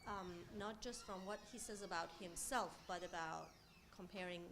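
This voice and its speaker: A woman's voice: on the low side, normal speed, noisy background. A woman in the audience asking a tentative question at an academic talk, wondering aloud as she goes.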